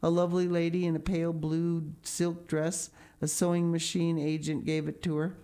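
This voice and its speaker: A woman's voice: on the low side, level tone, normal speed, dark tone, natural voice. A gushing, wide-eyed orphan girl who tumbles over her words, as a woman reading the book puts her on. She sounds breathless and dreamy, a chatterbox in a storybook reading.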